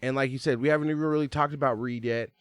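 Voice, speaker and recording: Excitable slangy man in casual podcast chat. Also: racing, clear, resonant tone, no echo. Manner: excitable, slangy, animated swings in pitch. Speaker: podcast co-host.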